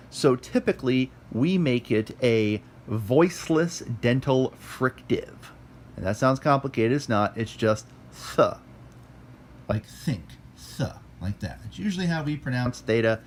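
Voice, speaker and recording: A male teacher gives a casual lesson walking through the Greek letters, chatting away and poking fun at himself as his voice swings up and down. He sounds the letters out slowly in a mid-range voice, with slight background noise in the recording.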